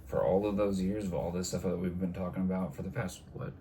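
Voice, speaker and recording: A man's voice: low voice, little pitch movement, fast talker, dark tone, a little hiss or hum. A man co-hosting a casual podcast, blunt and opinionated in his talk. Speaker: podcast co-host. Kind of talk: casual chat.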